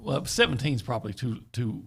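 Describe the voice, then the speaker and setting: A man co-hosting a sports radio show, talking in halting bursts with frequent restarts. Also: medium pitch, animated, gravelly, husky. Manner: halting, restarts often, agreeable. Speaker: radio co-host. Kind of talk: casual sports radio banter. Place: radio studio.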